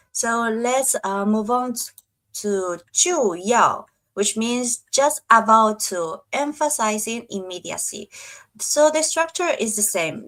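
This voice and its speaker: A woman's voice: mid-range voice, fairly bright tone, rough recording. A woman co-hosting a Chinese grammar lesson, explaining carefully and giving examples. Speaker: Chinese teacher.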